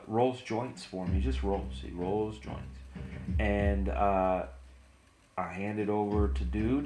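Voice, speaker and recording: A middle-aged man, a comic artist, telling stories in a relaxed, chatty way on a live stream. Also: lowish voice. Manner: relaxed, chatty, lots of fillers and laughs. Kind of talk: casual storytelling on a live stream. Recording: roomy room, faint music.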